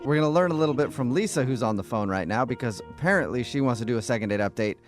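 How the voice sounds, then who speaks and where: A man's voice: mid-range voice, animated, very fast, faint music behind. A man hosting a morning radio show, joking and teasing his co-host and a caller.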